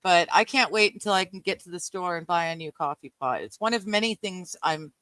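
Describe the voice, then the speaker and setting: Bright, smooth-voiced chatty woman. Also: fairly low pitch, fairly quick, no room sound. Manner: chatty and rambling, with fillers. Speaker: stream guest. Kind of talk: casual live-stream chat.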